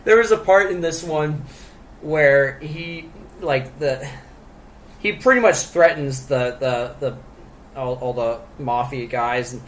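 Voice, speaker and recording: A man's voice: mid-range voice, slow pace, poor audio. A man co-hosting a casual podcast chat about a movie, rambling with lots of fillers and frequent laughs. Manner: rambling, laughs often, many fillers and restarts. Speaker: podcast co-host reviewing a movie.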